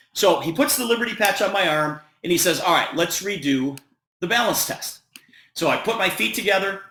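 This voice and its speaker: A man giving a sales presentation on a video call, telling an animated story and quoting the dialogue. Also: high-pitched, echoey room.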